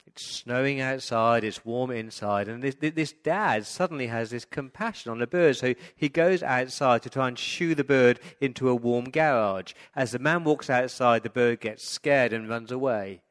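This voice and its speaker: A man who is a pastor, giving a Christmas sermon, telling stories and building to loud, emphatic preaching. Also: mid-range voice, normal speed, hardly any pauses.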